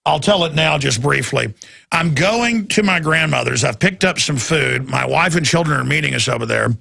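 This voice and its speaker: Gravelly, fired-up male radio host. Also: fairly high pitch, moderate pace. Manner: intense, rambling, rising to loud excited peaks. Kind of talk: ranting talk radio monologue.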